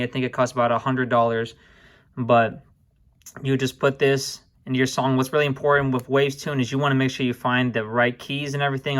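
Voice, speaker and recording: A young man talks through a software tutorial in an easygoing, informal way. His voice sits in a middle register and stays fairly flat and even. He drops in casual asides and quick apologies as he clicks around. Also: medium pitch. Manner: laid-back, addresses viewers as guys, apologizes for slips. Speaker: music production tutorial host. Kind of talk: casual screen-recorded tutorial.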